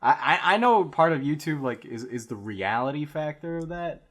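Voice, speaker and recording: A man's voice: a little high, lively intonation, normal speed, a bit bright. Rambling casual podcast man. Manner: rambling, many fillers and restarts. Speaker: podcast co-host. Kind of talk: casual chat.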